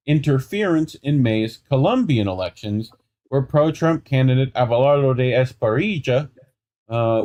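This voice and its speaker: A young adult man with a mellow, mid-range voice co-hosts an independent news show. He reads stories aloud as casual commentary, breaking off between quoted passages into sarcastic, riffing asides.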